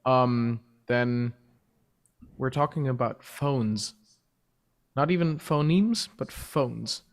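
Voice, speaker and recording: A man's voice: medium pitch, takes it slowly. A male guest on a video call, explaining step by step with many fillers. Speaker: guest voice teacher.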